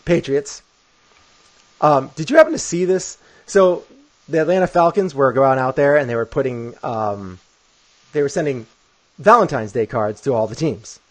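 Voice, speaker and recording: A man hosting a casual sports talk show, telling stories in an animated way with many restarts. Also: medium pitch, moderate pace, low-quality recording. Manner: animated storytelling with lots of restarts. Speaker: podcast host.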